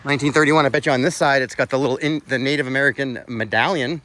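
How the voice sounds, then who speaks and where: On a phone camera outdoors, a bridge-exploring vlogger walks and talks to his audience quickly, his medium-pitched, slightly bright voice keeping a steady tone. He's awestruck and exclaiming, swears now and then, and at times sounds out of breath.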